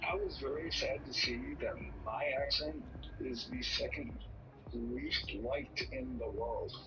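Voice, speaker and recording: Male driver, gravelly, wry banter, dull distant mic with noise. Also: mid-range voice, a little slow. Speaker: race driver. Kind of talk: casual chat during a race stream.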